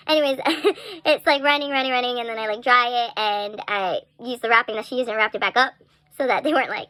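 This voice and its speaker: This is a young woman on a casual vlog, animatedly telling a story full of "like" and light laughs. She speaks fast in a high-pitched voice, with no room sound in the recording.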